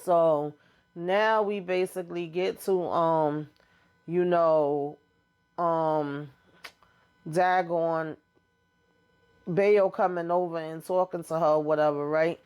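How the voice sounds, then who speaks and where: A woman's voice: on the low side, steady tone, slow, long pauses, darkish tone, clear, resonant tone. A woman hosting a casual TV recap, retelling scenes in a loose, slangy way with lots of "you know what I'm saying.". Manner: slangy and informal, drops verb endings. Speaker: TV recap host.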